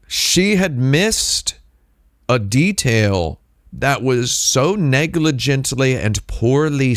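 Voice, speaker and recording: A man's voice: mid-range voice, dry recording, clean studio sound. A man hosting a live stream, chatting casually in a rambling, digressive way with lots of restarts. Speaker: livestream host.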